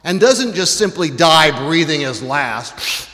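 A man's voice: on the high side, moderate pace. Male preacher in a reverberant hall. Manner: animated storytelling, acts out voices, rises to shouts. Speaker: pastor. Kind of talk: sermon. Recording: long reverb in a large hall.

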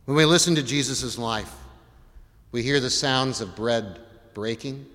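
Male preacher, bright tone, questioning delivery, church echo. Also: on the high side. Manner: asks the congregation repeated questions. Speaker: pastor. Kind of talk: sermon.

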